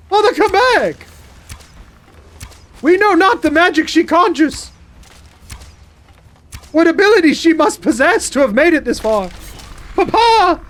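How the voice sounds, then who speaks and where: A man's voice: a bit bright, full character voice. A man voicing a crowd of skeleton children who melodramatically beg their dragon father not to leave them. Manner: shrill, melodramatic pleading.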